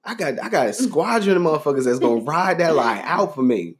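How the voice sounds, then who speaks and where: A young man co-hosting a casual chat show, laying down his rules with emphasis. His pitch rises and falls widely. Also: very animated, fairly quick. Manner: emphatic, lecturing about rules. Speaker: podcast co-host.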